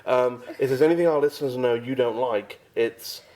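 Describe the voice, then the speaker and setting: A woman's voice: very deep voice, normal speed, mellow. A woman hosting a casual family podcast, bossy and teasing as she prods the others along, laughing easily. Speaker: podcast host.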